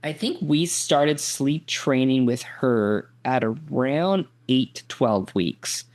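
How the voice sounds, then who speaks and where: A man's voice: medium pitch, expressive, slow pace, a little mellow. A young man co-hosting a podcast, speaking in an easygoing way and sometimes stumbling over words. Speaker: podcast co-host. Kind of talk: casual podcast chat.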